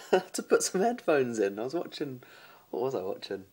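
A man's voice: fast, slightly rough. A man vlogging casually from his phone at home, gossiping about his neighbours with lots of energy. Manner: animated, mimics neighbours in shrill shouts and whispers. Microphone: phone camera held by hand.

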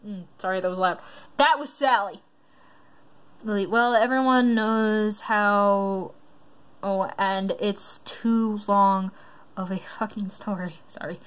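A woman's voice: mid-range voice, fairly even intonation, slow pace, clear, resonant tone. A woman vlogger in casual commentary, reading quiz questions aloud and rambling through her reactions.

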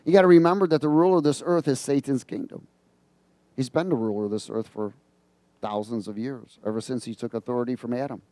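A man's voice: mid-range voice, fast, warm tone, dry recording. A male preacher giving a sermon, reading scripture aloud and prompting the congregation to fill in the words. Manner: reads scripture aloud and comments on it.

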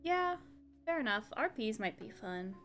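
A woman's voice: on the high side, sing-song, faint music behind. A tired woman streamer chatting casually and sleepily, trailing off between thoughts. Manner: sleepy, drawn-out casual talk with soft laughs. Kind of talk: casual chat.

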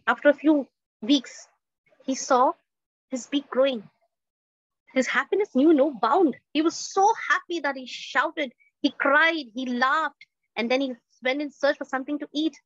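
A woman's voice: high voice, no echo, dull audio. A woman storyteller performing an oral tale at a festival, building drama through repetition and asking questions of her listeners. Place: indoor festival stage.

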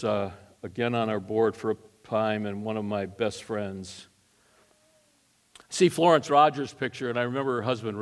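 A middle-aged man giving a storytelling sermon as guest preacher, folksy and animated, his voice jumping up for punch lines. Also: mid-range voice. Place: church sanctuary. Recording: long church reverb.

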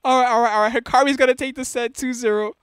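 A man's voice: very high voice, steady tone, quick pace, fairly bright tone, clean tone, no room sound. A man hosting a live fighting-game tournament stream, commentating the matches with slangy banter toward chat and frequent laughter. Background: game music.

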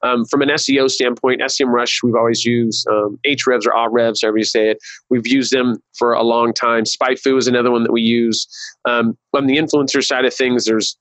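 A man's voice: mid-range voice, level tone, brisk, fairly bright tone, no echo, low-quality recording. A man speaking as a guest on a marketing webcast, rambling, with many restarts and fillers. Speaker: guest, digital marketing consultant. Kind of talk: casual webcast interview.

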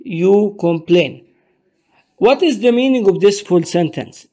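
A man teaching Arabic to English speakers, saying each word slowly and explaining it one by one. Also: high-pitched, animated, mellow. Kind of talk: language lesson for learners.

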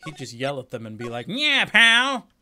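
Speaking fast in a steady, medium-pitched voice, a man streaming a let's play jokes casually as he reads the on-screen text and place names aloud. A faint hiss or hum sits in the recording.

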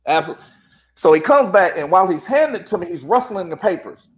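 A man's voice: sits high, fast talker. A man telling a courthouse story in casual chat, acting out the dialogue. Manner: animated, acts out quoted dialogue. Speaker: guest.

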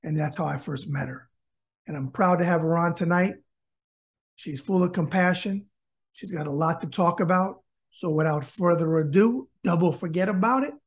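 A man's voice: on the high side, normal speed. Upbeat man hosting a web interview show. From Westchester County, New York. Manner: upbeat, showman-style introductions. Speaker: host.

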